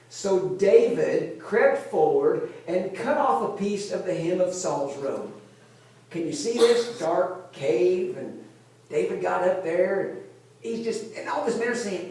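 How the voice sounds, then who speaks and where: Man, pastor, lively storytelling sermon, high voice, very echoey room, heard from a distance. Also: slow pace. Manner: lively storyteller who often checks in with the audience. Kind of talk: conversational sermon retelling a Bible story.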